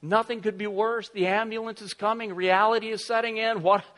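High-pitched middle-aged guy preaching, lots of you knows and restarts, animated storytelling. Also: a little fast, big-room sound. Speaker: pastor. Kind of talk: sermon.

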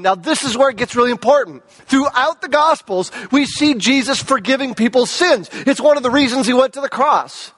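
A man with a fairly high voice delivers a sermon as a pastor. He talks in an easy, conversational way and keeps asking rhetorical questions. His delivery swings between louder, lifted passages and quieter, lower ones. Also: a little fast, hardly any pauses.

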